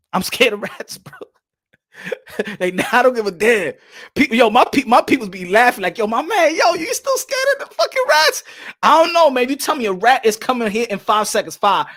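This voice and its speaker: A man telling casual stories on a boxing podcast, animated and profane, laughing often. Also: sits high. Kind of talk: casual storytelling chat.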